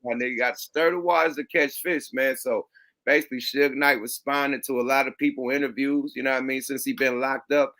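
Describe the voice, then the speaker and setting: A man hosting a podcast, talking in a bright, clear voice at an everyday pitch. His delivery is loose and slangy, full of cursing and friendly back-and-forth. He keeps it relaxed, like chat among friends. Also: brisk. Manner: profane, slangy, laughing banter. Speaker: podcast host. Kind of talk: casual chat.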